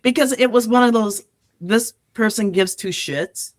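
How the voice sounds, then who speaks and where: A woman, an improv comedian and podcast guest, telling animated, profane stories and acting out the people in them in casual chat. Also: on the high side, unhurried, no echo, studio quality. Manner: animated storyteller, acts out quoted voices, swears freely.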